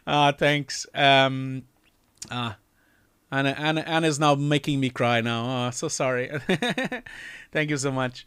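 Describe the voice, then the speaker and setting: A man in his forties hosts his own livestream in a smooth, mid-range voice with a fairly bright tone, taking his time. The studio-quality recording has no echo, and he chats emotionally, often laughing as he reads messages.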